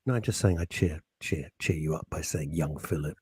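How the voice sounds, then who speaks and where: A man's voice: extremely low pitch, brisk, a little mellow, husky. A man co-hosting a radio show, chatting and joking in a casual, ranting way. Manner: chatty, jokey, ranting asides. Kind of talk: casual studio banter. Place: radio studio. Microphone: studio microphone.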